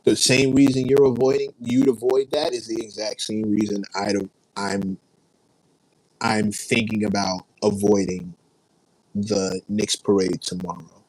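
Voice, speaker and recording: A man's voice: lowish voice, little pitch movement, a little slow, poor audio. Laid-back New man chatting live. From New York. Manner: rambling, laid-back, reads and answers chat. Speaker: livestream host. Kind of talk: casual livestream chat.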